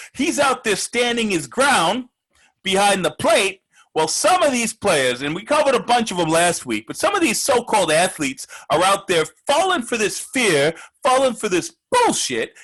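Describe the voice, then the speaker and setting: A man playing a brash, husky gambler host. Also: high-pitched, heavily acted. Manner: loud, ranting, profane, mocking. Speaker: sports show host. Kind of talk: comedic sports rant.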